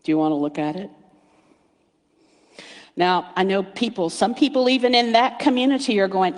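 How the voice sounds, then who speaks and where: A middle-aged woman minister giving a sermon, storytelling warmly with playful asides and hushed emphasis. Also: mid-range voice, moderate pace, pauses often. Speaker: guest speaker minister. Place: church sanctuary. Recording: reverberant hall.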